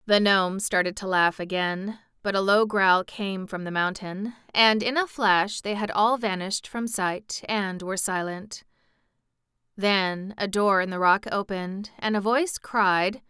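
A woman reads a storybook aloud in a gentle, measured way. Her voice is bright and very clear, at a slow pace, recorded dry and close. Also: mid-range voice, steady tone, no echo. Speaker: narrator. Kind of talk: audiobook reading.

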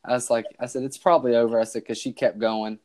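Talking fast with a slightly mellow, medium-pitched voice that barely moves in pitch, a young man hosts a podcast and meanders through a story. He keeps restarting and plays out the quoted back-and-forth.

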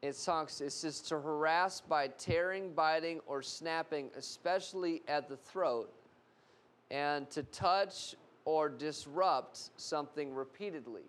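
A man preaching a sermon with animated storytelling and casual fillers. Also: fairly high pitch, slow. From United States.

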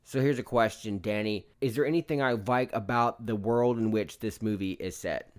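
A man's voice: on the low side, normal speed. A man co-hosting a casual movie review podcast, talking in a loose, profane, enthusiastic way. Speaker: podcast co-host.

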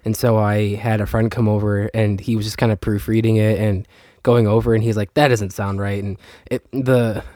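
A sick, tired young man with a stuffy, nasal voice, co-hosting a casual podcast. He rambles and hesitates, often poking fun at himself. His voice is low and sounds dry and close. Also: flat delivery, moderate pace, few pauses, mellow, no echo. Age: young adult. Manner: rambling, self-deprecating, hesitant. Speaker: podcast co-host.

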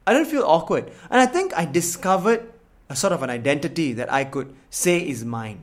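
Tamil-speaking guy, slight indian accent, rolled r's, highish lively voice. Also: a little fast. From Singapore. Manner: reflective, rolled R's, frequent "you know". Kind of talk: casual conversation.

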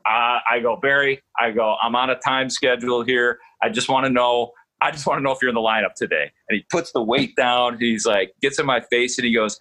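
A man's voice: mid-range voice, a little fast, few pauses, rough recording. A middle-aged man, a sports reporter telling stories as a guest in a casual radio chat. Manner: animated storyteller, acts out quotes.

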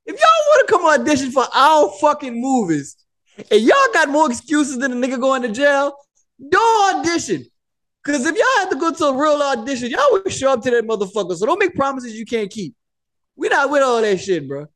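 A man co-hosting a casual podcast, blunt and profane, telling stories in an animated way. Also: extremely high pitch, brisk. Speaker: podcast co-host.

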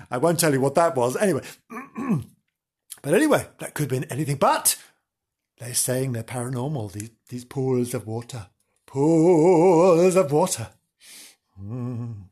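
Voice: mid-range voice, breathy edge. A podcast host telling a ghost story in a theatrical, gasping way, often repeating words and breaking off mid-sentence. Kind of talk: casual ghost-story narration.

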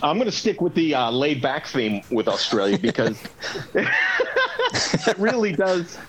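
Animated American man telling jokes. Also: fairly high pitch, slow, heavy background noise. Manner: animated storyteller, chuckling often. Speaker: comedian guest. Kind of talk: casual podcast banter, joke telling.

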